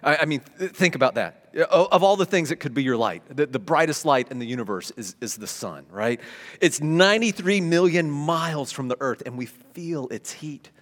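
A man preaching a sermon, stumbling over repeated words and swinging between loud emphasis and hushed tones. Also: a little high, animated, moderate pace. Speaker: pastor. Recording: long hall reverb.

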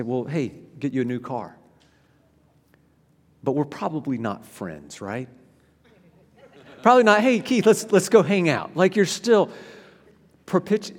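A man preaching a sermon to a congregation, animated, with frequent restarts, swinging from loud emphasis to quiet, soft passages. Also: medium pitch, big-room sound. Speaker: pastor.

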